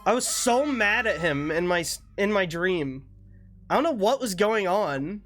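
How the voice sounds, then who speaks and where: A man's voice: high-pitched, expressive, measured pace, fairly bright tone. Laid-back swearing streamer, young man. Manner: laid-back, swears often, laughs a lot. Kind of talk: casual chat with viewers. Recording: faint music behind.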